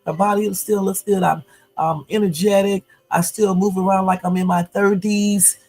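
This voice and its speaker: A woman's voice: medium pitch, little pitch movement, moderate pace, a little mellow, husky, low-quality recording. A woman in her fifties hosting a casual livestream from home, chatty and full of fillers, turning blunt and confrontational. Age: 50s. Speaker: YouTube livestream host.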